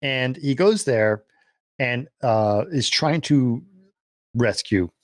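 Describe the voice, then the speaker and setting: A man's voice: medium pitch, takes it slowly, dry recording. A man co-hosting a casual film podcast, animatedly retelling the plot and acting out the characters' lines. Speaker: podcast co-host. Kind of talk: casual film-discussion chat.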